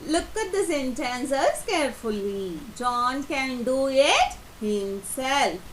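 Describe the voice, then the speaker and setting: A woman's voice: high voice, lively intonation, takes it slowly, slight background noise, poor audio. A woman teaching an English grammar lesson, reading example sentences aloud and explaining each one, with small grammar slips. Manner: reads example sentences then explains them, non-native grammar slips.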